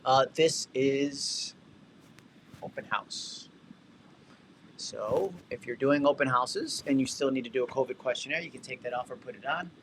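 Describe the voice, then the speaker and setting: Host type: lively, bright-voiced man running a casual livestream demo, chatty and upbeat, faint noise behind. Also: medium pitch, unhurried. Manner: energetic, talkative, shout-outs and asides. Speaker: livestream host and real estate tech coach.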